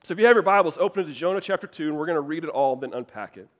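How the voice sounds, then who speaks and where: A man in his thirties, a youth pastor, preaching a sermon and telling a lively story about himself, laughing at his own mishaps. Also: a little high, rapid-fire.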